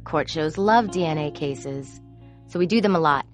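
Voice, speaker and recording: A woman who produces court shows tells candid, confessional stories about her job and grows animated when she quotes herself. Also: low voice, moderate pace, soft background music. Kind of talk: personal storytelling.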